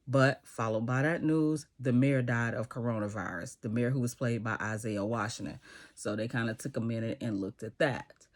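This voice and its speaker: A man's voice: medium pitch, moderate pace. Man animatedly recapping a TV episode. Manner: animated retelling, acting out characters' lines.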